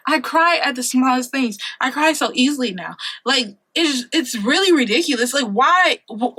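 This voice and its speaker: A woman's voice: high voice, animated, normal speed, few pauses, bright, forceful tone, husky. A woman in her late twenties talking casually to camera in a vlog, chatty and dramatic, laughing often. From Ohio, USA. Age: 20s. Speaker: vlogger. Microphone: compact camera mic.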